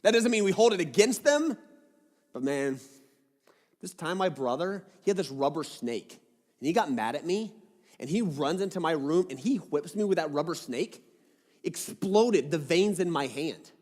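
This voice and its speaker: A high-pitched man preaches in a church hall, his voice trailing off in a long reverb. He reads scripture aloud, then drops into joking, casual asides. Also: lively intonation, moderate pace, a little mellow. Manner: jokey, casual asides between readings. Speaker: pastor. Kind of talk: sermon reading and explaining scripture.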